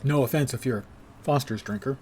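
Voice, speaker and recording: A man's voice: mid-range voice, a little fast, a little mellow, slightly rough. A man in his sixties streaming a game and chatting casually, with dry, self-mocking asides. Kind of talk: casual live gameplay chat.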